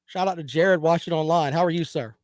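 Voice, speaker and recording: A man's voice: fairly high pitch, brisk, no room sound. A man hosting a casual live-stream sports talk show, giving opinions and reading viewer comments.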